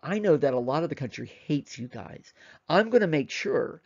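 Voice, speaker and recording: A man's voice: a little high, expressive, moderate pace, husky, dull audio. A man lecturing puts on the voice of an arrogant male French statesman who scolds and makes demands. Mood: threatening. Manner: blustering, contemptuous, demanding.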